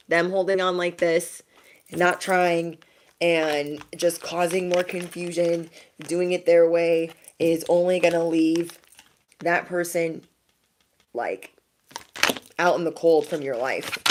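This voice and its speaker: Low-voiced woman giving a chatty tarot reading. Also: slight background noise. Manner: chatty, reassuring, frequent "okay?" and laughs. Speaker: tarot reader. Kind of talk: casual tarot reading to viewers.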